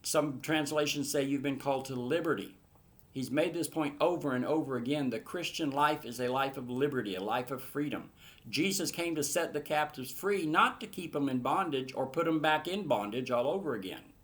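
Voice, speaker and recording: Male Bible teacher, mid-pitched, earnest verse-by-verse teaching with emphatic peaks. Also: normal speed, a bit bright. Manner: earnest, building to emphatic bursts.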